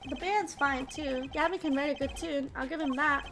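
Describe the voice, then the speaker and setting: A swaggering young rock guitarist turned detective, read aloud by a woman streamer from a video game. He talks in a loose, slangy drawl, full of bravado. The voice sits high, with faint music behind it. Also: fairly even intonation, normal speed. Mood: cocky. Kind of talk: reading game dialogue aloud.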